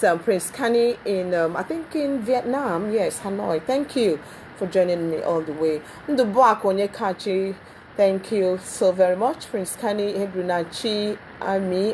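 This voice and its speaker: A woman hosting a live talk show, speaking haltingly with many ums and restarts. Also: fairly low pitch, a little mellow, a little hiss or hum, low-quality recording. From Nigeria.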